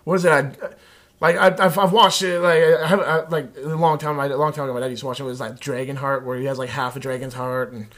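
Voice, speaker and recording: A man's voice: mid-range voice, flat delivery, fast talker, a bit bright. A man in his thirties chatting casually as a podcast co-host, rambling and swearing freely in slangy talk. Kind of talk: casual chat.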